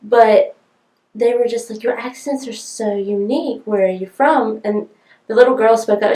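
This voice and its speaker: A woman's voice: fairly high pitch, moderate pace, mellow, reverberant, distant mic, low-quality recording. A young woman from rural North Carolina with a local accent, chatting and telling a story. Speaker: interviewee.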